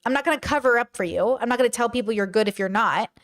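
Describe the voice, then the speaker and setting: A young woman talks to her livestream chat in a blunt, animated, casual way, her voice sitting high. She rants freely and now and then drops into goofy voices and snatches of song. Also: quick pace. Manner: animated, blunt, breaks into silly voices and sung bits. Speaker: podcast host and live streamer.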